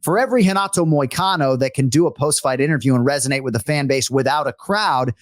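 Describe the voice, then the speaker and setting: A man's voice: mid-range voice, fast, no room sound, clean studio sound. A man hosting a sports podcast in casual chat, wordy and playful. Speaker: podcast host.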